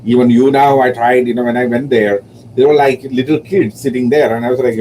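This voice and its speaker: Guy with a foreign accent rambling on his livestream, lots of "you know", laughs a lot, middle pitch, faint hiss. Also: fairly even intonation, brisk, warm tone, rough recording. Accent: non-native English accent. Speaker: livestream host and poet. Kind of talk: casual livestream storytelling.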